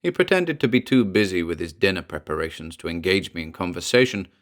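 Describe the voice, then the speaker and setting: A man narrating a first-person horror story in a measured, earnest way. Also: low-pitched, expressive. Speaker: audiobook narrator. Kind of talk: scripted narration.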